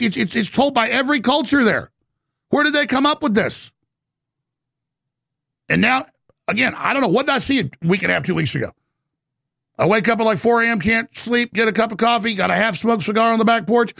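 A man delivering a heated, excited rant as a show host, often stumbling and repeating words as he builds up steam. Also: high-pitched, creaky, no room sound, studio quality. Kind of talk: heated ranting monologue.

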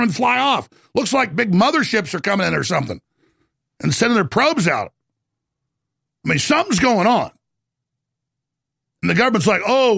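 A man delivering a heated, excited rant as a show host, often stumbling and repeating words as he builds up steam. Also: extremely high pitch, vocal fry, dry recording, clean studio sound. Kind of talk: heated ranting monologue.

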